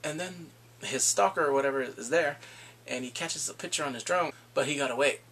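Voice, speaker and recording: A man casually recapping a drama, animated and laughing often as he acts out the scenes. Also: fairly high pitch, brisk. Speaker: drama reviewer.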